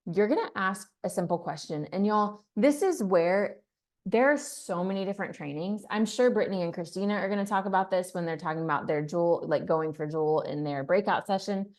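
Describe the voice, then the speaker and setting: A Texas woman leads a team training, her voice lowish and a little mellow at a moderate pace. As team leader she keeps things upbeat and chatty, acting out sample scripts for the group.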